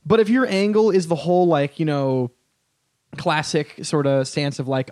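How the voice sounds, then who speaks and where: A man's voice: on the high side, steady tone, normal speed, darkish tone, no room sound, studio quality. A man hosting a casual podcast chat who laughs often and swears freely. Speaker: podcast host.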